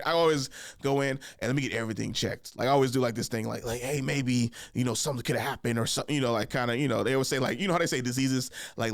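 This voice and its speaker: A man's voice: mid-range voice, gravelly, no room sound. A young adult man hosting his own podcast, telling loose, rambling stories full of fillers and laughing at himself. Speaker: podcast host. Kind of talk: casual storytelling monologue.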